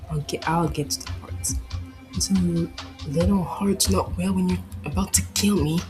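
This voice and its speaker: A woman's voice: lowish voice, fairly even intonation, moderate pace, natural voice. A woman voicing a young male vampire fangling in a game, pleading and petulant in tone, over game music. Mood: defensive.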